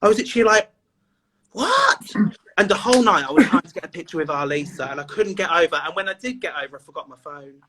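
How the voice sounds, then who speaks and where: A man's voice: fairly high pitch, rapid-fire, hardly any pauses, background noise. A man chatting campily and gushingly as a drag queen guest on a phone video call. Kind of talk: casual chat on a live stream.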